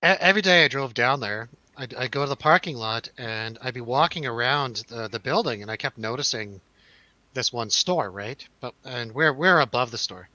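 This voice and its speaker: Animated bright-voiced man telling a story. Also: medium pitch, normal speed, dry recording, muffled recording. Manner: animated storyteller, swearing, acts out quotes. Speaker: podcast co-host. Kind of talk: casual chat.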